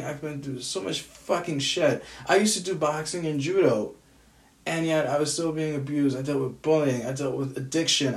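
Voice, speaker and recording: An upset, exhausted adult venting at home in a bitter, profane, repetitive solo rant. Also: medium pitch. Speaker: aspiring screenwriter venting. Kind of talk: emotional solo rant to camera. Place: at home indoors. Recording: roomy echo, distant from mic.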